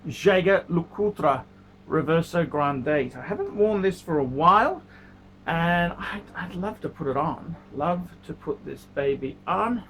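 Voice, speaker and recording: A man's voice: on the high side, big pitch swings, measured pace, fairly bright tone, slight background noise. A man, a watch collector, ranting casually to camera with heated, profane language.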